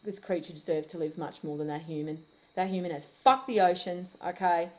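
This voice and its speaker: A woman's voice: lowish voice, brisk, poor audio. An Australian woman delivering a profane, confrontational monologue to camera in an angry rant. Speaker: video commentator.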